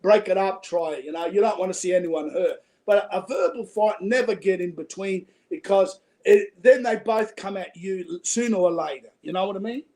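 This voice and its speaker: A man's voice: high-pitched, normal speed, few pauses, a little mellow. A man with an Australian accent, a guest calling in, talking in a rambling, chatty way and swearing freely. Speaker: call-in guest. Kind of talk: casual chat.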